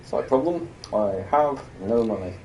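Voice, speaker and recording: A man's voice: medium pitch, animated, a little slow, darkish tone, far from the mic, slight background noise. A young British man giving casual, sardonic commentary while streaming a game, muttering to himself and breaking into exasperated rants.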